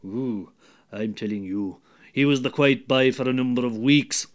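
A man with an Irish accent telling a folk tale, lively and dramatic, dropping to hushed asides. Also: medium pitch, moderate pace. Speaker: storyteller.

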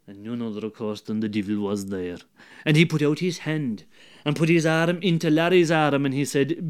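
A man with an Irish accent telling a folk tale, lively and dramatic, dropping to hushed asides. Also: a little high, normal speed. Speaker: storyteller.

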